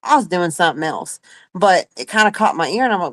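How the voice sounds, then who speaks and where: A woman's voice: fairly low pitch, sing-song, quick pace, no room sound, poor audio. A woman hosting a livestream, delivering an angry, profane, confrontational rant at someone she calls out. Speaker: livestream host.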